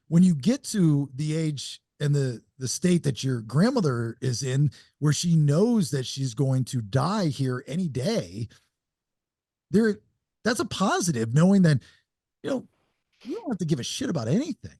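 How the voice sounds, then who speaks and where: A man's voice: on the high side, very animated, normal speed, warm tone, no room sound, clean studio sound. A man co-hosting a podcast, joking and riffing through casual chat. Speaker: podcast host.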